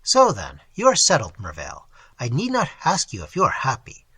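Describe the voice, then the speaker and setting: A man reading the part of a reckless, worldly young gentleman who speaks boldly, breezily and with a faint sneer. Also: mid-range voice, wildly swooping pitch, normal speed, slightly rough, no room sound, full character voice. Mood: breezy.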